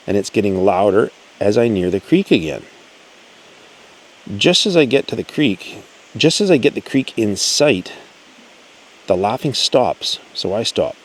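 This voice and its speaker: A man hosting his channel, reading a listener's encounter story aloud in an earnest, storytelling way with pauses. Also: medium pitch, darkish tone, rough recording. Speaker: channel host.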